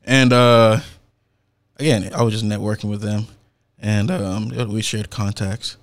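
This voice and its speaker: A man's voice: lowish voice, a little slow. A man, a performance poet, telling a story in a casual, slangy way. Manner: slangy, animated retelling with laughs and acted-out quotes.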